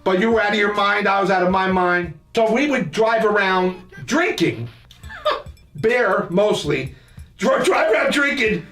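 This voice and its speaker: Profane older New man, high-pitched. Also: expressive, a little slow, fairly bright tone. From New Jersey. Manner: profane, rambling, laughing storyteller. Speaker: podcast host. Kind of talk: casual storytelling. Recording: roomy echo, mic at a distance, faint music.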